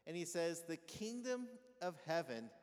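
A man's voice: on the high side, very animated, normal speed, a little mellow. A pastor giving a conversational sermon, asking his congregation questions and having them call back answers. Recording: long reverb of a large hall.

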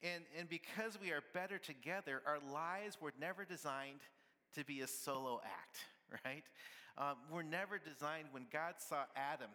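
A man's voice: a little high, moderate pace, pushed and bright, big-room sound. A man preaching a sermon at church, conversational and playful, often asking the congregation "right?" with little laughs. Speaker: pastor.

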